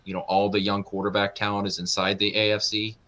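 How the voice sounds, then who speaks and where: A man's voice: fairly low pitch, monotone, a little fast, pushed and bright. A young man co-hosting a casual sports talk, analytical and full of fillers. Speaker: co-host.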